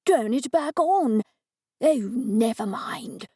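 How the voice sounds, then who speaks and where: A woman's voice: fairly high pitch, expressive, slow pace, dark tone, breathy edge, no room sound, clean studio sound, heavily acted. A woman voicing a condescending male talking cat who is really a cursed ancient wizard. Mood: demanding. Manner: condescending, bossy.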